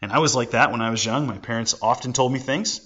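A man's voice: mid-range voice, fast talker, sharp tone, lo-fi sound. Conversational pastor in his forties. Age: 40s. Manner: conversational, folksy asides. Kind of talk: sermon.

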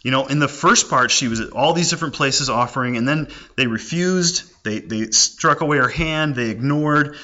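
A man's voice: medium pitch, sharp tone, dull audio. A man in his forties preaching a sermon in a conversational, folksy way with casual asides. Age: 40s. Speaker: pastor.

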